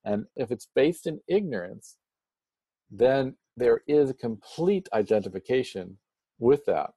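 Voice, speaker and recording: A man giving a spiritual lecture, explaining Sanskrit terms slowly and deliberately, with touches of playful humor. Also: medium pitch, expressive, dark tone, slightly rough, dry recording. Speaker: Vedanta teacher.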